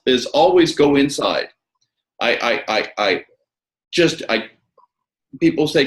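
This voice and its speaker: Emphatic man with lively pitch. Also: takes it slowly, pauses often, reverberant, rough recording. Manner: emphatic, repeats words when starting a thought. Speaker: interviewer and communications coach. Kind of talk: animated conversational interview.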